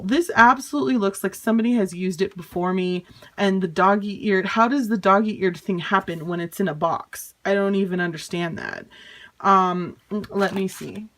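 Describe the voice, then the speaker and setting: A young woman with a drawl talks straight to her viewers from home, chatty and exasperated. She curses freely and laughs her frustration off. Her pitch sits in the middle range. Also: normal speed, a bit bright. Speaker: vlogger. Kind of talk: casual unboxing chat.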